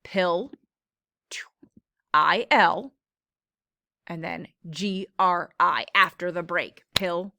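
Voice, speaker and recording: A woman's voice: on the low side, fairly even intonation, vocal fry, sharp tone, no room sound. A woman teacher patiently explaining syllable patterns in a classroom phonics lesson. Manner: slow, patient explaining with drawn-out words.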